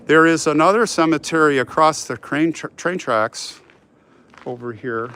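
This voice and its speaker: A man's voice: on the high side, a little slow, pushed and bright, clear, resonant tone. A middle-aged American man hosting a live stream, chatting casually and reading viewer comments aloud while he walks. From United States. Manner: chatty, friendly, rambling, talks straight to viewers. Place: outdoors on a city street while walking. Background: faint street and traffic noise.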